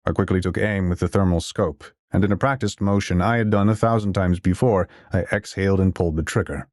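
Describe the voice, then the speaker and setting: A man narrating a science fiction audio drama in the first person, in a steady, measured storytelling manner. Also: low voice, no echo, studio quality.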